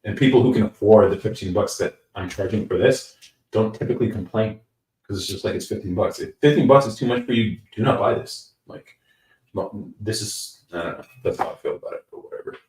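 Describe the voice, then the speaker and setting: A man's voice: fairly low pitch, brisk, a little mellow, far from the mic. An American-born man hosting a casual livestream Q&A, reading chat comments and answering in a rambling, joking, self-deprecating way. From United States. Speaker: host answering live chat. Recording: roomy sound from away from the mic.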